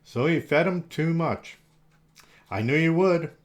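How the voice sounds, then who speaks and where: A man's voice: on the high side, lively intonation, unhurried. A man doing a wry, knowing old fish seller. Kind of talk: children's storybook reading.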